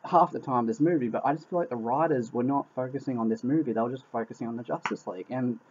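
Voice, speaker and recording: A man's voice: medium pitch, fast, a little mellow, a little hiss or hum. A man giving a casual spoken film review. He sounds exasperated, swears a lot and keeps repeating himself. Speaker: movie reviewer. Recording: dull lo-fi recording.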